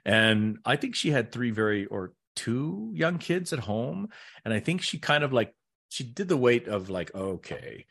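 A middle-aged actor, here as an interview guest, recounts stories in a gravelly, medium-pitched voice at a measured pace. The casual conversation comes alive as he animatedly acts out quoted voices.

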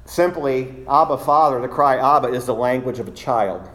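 A man delivers a sermon-style Bible study in an ordinary mid-range voice. He is emphatic, slowing down to stress and repeat key words. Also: medium pitch, fairly bright tone. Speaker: pastor teaching a study.

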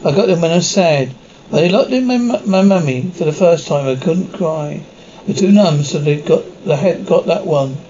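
A man plays a rambling, childlike prison inmate in a scripted sitcom, blunt and crude with his words. His voice sits high yet sounds mellow and soft-edged. The sound is slightly dull, like muffled TV audio with a faint hiss behind it. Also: lively intonation, moderate pace, natural voice. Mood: boastful. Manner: rambling, blunt, swears casually.

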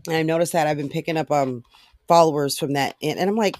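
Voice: medium pitch, no room sound, clean studio sound. A podcast host ranting alone in blunt, profane, frustrated talk full of fillers. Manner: fast talker. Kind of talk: casual solo rant.

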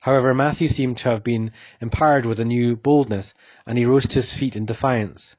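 A man narrating a story with a husky, mid-pitched voice. He reads steadily, close and dry, on a slightly dull recording. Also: fairly even intonation, a little fast, a little mellow, no room sound. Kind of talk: storybook reading.

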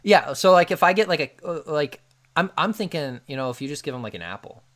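A man's voice: on the high side, lively intonation, fairly quick, a bit bright. A man co-hosting a podcast, chatting casually with lots of fillers, reading listener answers aloud. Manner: filler-heavy, laughs often. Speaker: podcast co-host. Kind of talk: casual chat.

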